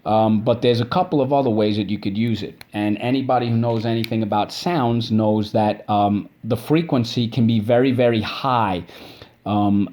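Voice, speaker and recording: A man's voice: on the low side, a little mellow. A man teaching a vocabulary and spelling lesson. He breaks words into syllables and checks in with "okay?" after each point. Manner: drawn-out syllable drills.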